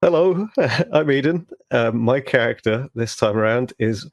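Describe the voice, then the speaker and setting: A man's voice: medium pitch, a little slow, dry recording, dull audio. A man playing a tabletop game, giggly and unsure as he introduces himself. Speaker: player. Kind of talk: casual game chat.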